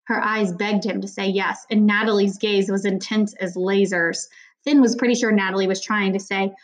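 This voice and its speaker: A woman reading an audiobook narration, even and steady. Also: mid-range voice, normal speed. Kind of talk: scripted narration.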